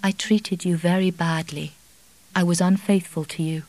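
Pleading young wife read by a woman, earnest, low voice, dry audiobook sound. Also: steady tone, moderate pace, darkish tone, no room sound, close to an everyday voice, poor audio.

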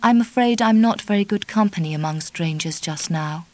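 A woman voicing a reserved, guarded young woman who speaks in a quiet, hushed way. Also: on the low side, moderate pace, dry recording, close to an everyday voice.

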